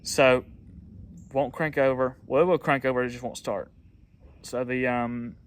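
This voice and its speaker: A man's voice: medium pitch, fairly even intonation, measured pace, slight background noise. A young man, talking casually to camera as a small-business owner, rambling and repeating himself with frequent ums. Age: young adult. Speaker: pressure washing business owner. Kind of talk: casual storytelling vlog.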